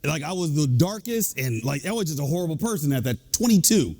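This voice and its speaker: A man, an executive coach and leadership speaker, giving a lively, joking talk to a live audience. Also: a little high, brisk. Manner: lively, joking, animated delivery.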